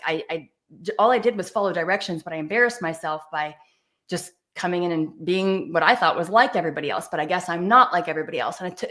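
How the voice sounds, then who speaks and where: A young woman with a Southern American accent tells her story on a video call. Her voice sits a little low, and she talks in an animated way, laughing often and restarting her sentences. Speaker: guest speaker, dance teacher. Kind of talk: conversational interview storytelling. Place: virtual event, video call. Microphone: video call microphone.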